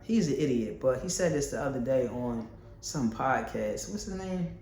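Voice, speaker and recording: A man's voice: mid-range voice, lively intonation, normal speed, darkish tone, a little hiss or hum. Candid Philly man, echoey room. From Philadelphia. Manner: loose and candid, swears freely, muses aloud with many fillers. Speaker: vlogger and visual artist. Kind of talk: casual rambling vlog talk while painting. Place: indoors at home, painting a wall.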